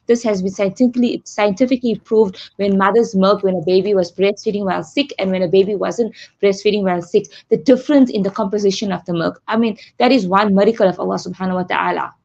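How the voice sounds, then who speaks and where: A woman's voice: medium pitch, fast talker, gravelly, few pauses, a little mellow, lo-fi sound. A middle-aged woman, a breastfeeding support leader, explains things earnestly in a radio interview using simple examples.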